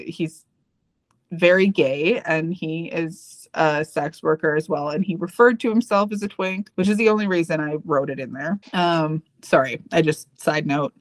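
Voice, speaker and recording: Speaking at medium pitch, this podcast co-host first reads out a personal essay and afterward chats loosely. She or he is frank and foul-mouthed, wandering off into tangents.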